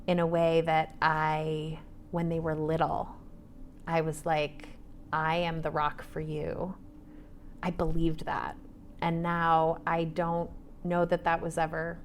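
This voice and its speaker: A woman's voice: lowish voice, a little hiss or hum. A woman in her forties, an author and trauma therapist, talking animatedly on a panel and dropping to whispers for asides. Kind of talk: casual panel conversation.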